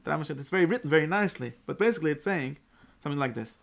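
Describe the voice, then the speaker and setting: Animated gravelly man teaching a Torah class. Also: a little high, very fast. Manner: animated, acts out the verse in God's voice.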